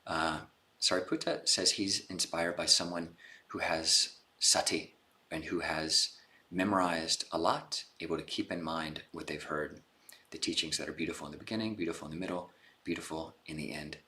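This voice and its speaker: Deep-voiced, bright-toned monk giving a dharma talk. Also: male voice, fairly even intonation, normal speed. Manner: casual, chatty explaining with slangy retellings. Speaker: Buddhist monk teaching.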